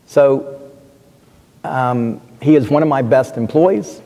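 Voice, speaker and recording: A man's voice: mid-range voice, slow pace, vocal fry, dark tone. A middle-aged man, a physician and pastor, telling personal stories on a panel in an earnest, emphatic way with frequent restarts. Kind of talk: panel talk, personal storytelling. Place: lecture hall. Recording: long reverb of a large hall.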